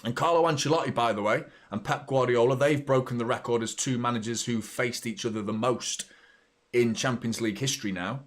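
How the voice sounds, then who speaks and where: A man's voice: mid-range voice, brisk. Chatty man reacting to a match. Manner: chatty, swears, reacts loudly to play. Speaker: host of a football watchalong. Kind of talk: live match watchalong commentary.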